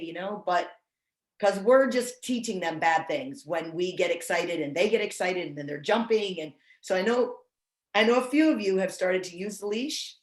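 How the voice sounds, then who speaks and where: A woman's voice: fairly low pitch, moderate pace. Chatty woman on a roomy video call. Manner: chatty, self-deprecating, restarts often. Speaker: service dog trainer. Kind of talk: casual online training talk.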